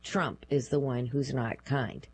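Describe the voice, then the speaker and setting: A woman narrating a news article aloud in a measured, even, scripted read. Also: very deep voice, husky, low-quality recording.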